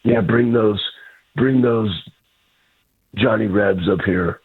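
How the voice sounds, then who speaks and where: A man's voice: fairly low pitch, slow, breathy edge. A man talking sports as a guest, blunt and fired up, ranting and trash-talking. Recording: tinny phone line.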